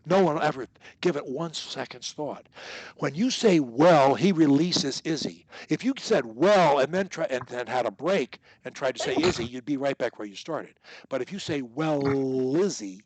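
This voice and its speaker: A man's voice: fairly high pitch, lively intonation, moderate pace, darkish tone, no echo. A man coaching a student one-on-one over a video call, emphatic and fond of repeating his key points. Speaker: speech coach.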